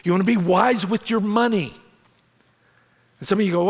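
A middle-aged man, a senior pastor, telling a self-mocking story in an animated way during a sermon. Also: sits high, moderate pace, in a large hall.

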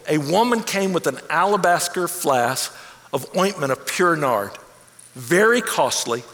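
A man, a pastor preaching a sermon in an animated way that rises toward near shouts. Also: fairly high pitch, big-room sound.

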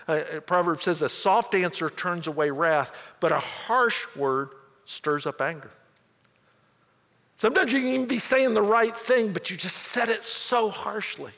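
A man preaching a sermon in an earnest, searching way, tripping over and repeating words as he builds a point. His voice sits a little high for a man, and it rings out with a long reverb through a large church hall. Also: fairly bright tone. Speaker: pastor.

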